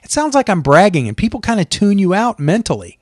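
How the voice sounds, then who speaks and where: A man's voice: high-pitched, huge pitch swings, a little fast, darkish tone, dry recording, studio quality. A man giving a casual to-camera lesson on presenting, friendly and conversational, with demonstrations. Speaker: video coach.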